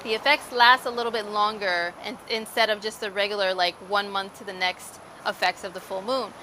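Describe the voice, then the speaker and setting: A woman's voice: medium pitch, steady tone, fairly quick, bright, forceful tone, a little hiss or hum. A woman astrologer giving a casual horoscope reading in a chatty, candid way, full of "like" and "um".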